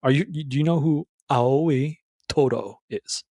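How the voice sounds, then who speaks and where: A young man talking casually to his viewers, rambling and stammering through restarts, animated and full of bro slang. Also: mid-range voice, unhurried, creaky, no echo, studio quality. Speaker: YouTuber. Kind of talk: casual monologue to camera.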